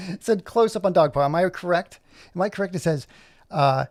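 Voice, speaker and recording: Fairly quick and gravelly, with a slightly high pitch, a middle-aged man provides running commentary on an animation tutorial he's recording. His talk is chatty and self-mocking, peppered with muttering to himself.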